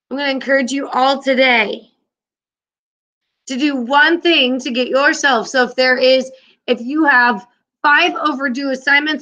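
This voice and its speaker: A woman's voice: high voice, pushed and bright, dull audio. A woman teacher leading an online class, upbeat and encouraging with her students.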